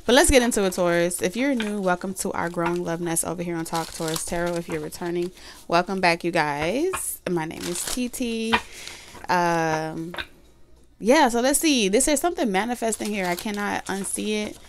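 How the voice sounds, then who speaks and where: A woman's voice: lowish voice, moderate pace, slight background noise. A woman doing a casual tarot reading, chatty and full of fillers, who says she is losing her voice. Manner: chatty, loose and repetitive with many fillers. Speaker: tarot reader.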